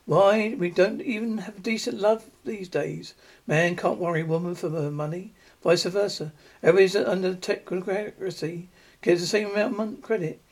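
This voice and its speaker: A self-pitying writer grumbling about his lot, read by a man in a storybook reading. The male voice sits fairly high, and the delivery halts now and then on stumbles and restarts. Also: steady tone, normal speed.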